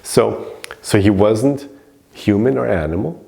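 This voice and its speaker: A man's voice: lowish voice, expressive, a little slow, creaky, mellow. A man teaching a spiritual story in a casual, rambling way, full of fillers. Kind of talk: storytelling lesson.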